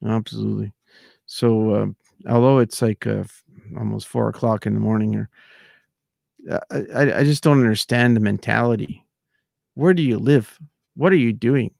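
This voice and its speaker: A man's voice: lowish voice, steady tone, normal speed, gravelly, long pauses, darkish tone, dry recording, clean studio sound. A middle-aged man rambling in casual, indignant commentary with many fillers and restarts. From outside America. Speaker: channel host.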